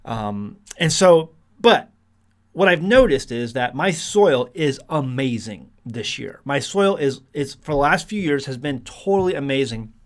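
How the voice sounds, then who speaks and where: A man's voice: medium pitch, sing-song, a little slow. A man casually talking to the camera about his homestead, rambling along with restarts, fillers and frequent chuckles. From United States. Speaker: homesteading vlogger.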